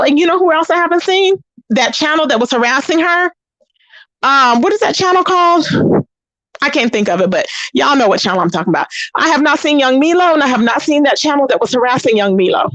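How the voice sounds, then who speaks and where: A woman's voice: high voice, fairly bright tone, no echo, dull audio. A woman hosting a casual livestream, reading chat comments and gossiping straight to her viewers. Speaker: channel host.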